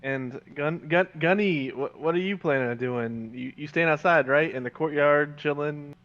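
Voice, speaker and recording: A man playing a tabletop game, speaking hesitantly in character. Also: fairly high pitch. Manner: hesitant, halting. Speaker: player. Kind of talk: casual in-character play. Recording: dull lo-fi sound.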